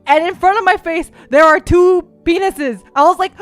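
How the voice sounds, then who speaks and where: A young woman streamer chatting casually, telling stories in an animated way and sometimes breaking into shrieks and laughter. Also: very high voice.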